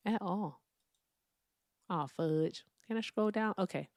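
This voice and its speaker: A woman's voice: sits low, slow, gravelly, long pauses, darkish tone, no echo, studio quality. Blunt, profane woman streamer. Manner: blunt and profane, talking to chat. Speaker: livestream host. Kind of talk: casual live debate stream.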